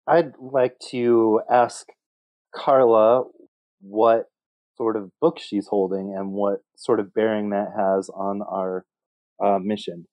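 A man's voice: fairly low pitch, fairly even intonation, slow pace, no room sound, dull audio. A man playing a tabletop game on a call, playful and confident with hesitant fillers. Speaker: player. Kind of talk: casual tabletop play.

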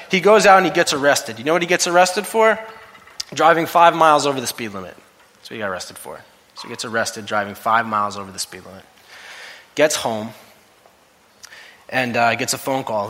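A man preaching a sermon, telling stories and rising to loud, emphatic quotes. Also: medium pitch, a little fast. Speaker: pastor. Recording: long reverb of a hall.

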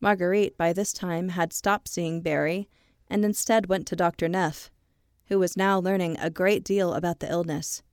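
Woman podcast co-host, lowish voice, steady story read, dry close mic. Casual asides between passages. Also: normal speed, no room sound. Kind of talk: reading a true story aloud in a casual podcast.

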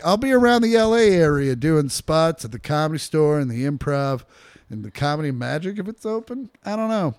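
A man's voice: on the high side, sing-song, moderate pace, a little mellow, clean tone, no room sound. A man co-hosting a podcast in a casual, joking and crude manner. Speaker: podcast co-host. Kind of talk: casual chat.

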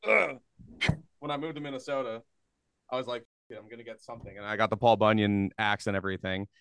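A man's voice: on the low side, fairly even intonation, fast talker, clean tone, no room sound. A young man from the Philadelphia area, a guest talking in a loose, rambling way full of fillers and easy laughs. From Philadelphia area, USA. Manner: loose and rambling, heavy on fillers like "like" and "you know", laughs easily. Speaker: guest, social media creator. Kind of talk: casual interview chat.

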